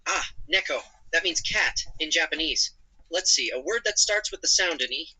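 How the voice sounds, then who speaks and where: A man's voice: on the high side, lively intonation, moderate pace, background noise. A text-to-speech man voicing a doting chatbot boyfriend. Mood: apologetic. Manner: polite and doting, using pet names. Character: sweet, apologetic male chatbot boyfriend.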